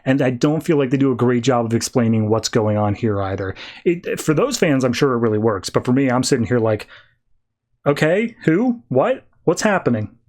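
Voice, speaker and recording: A man hosting a podcast, casually recapping and reviewing a comic book with an animated delivery. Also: mid-range voice, brisk. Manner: animated retelling, acting out characters loosely. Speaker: podcast host.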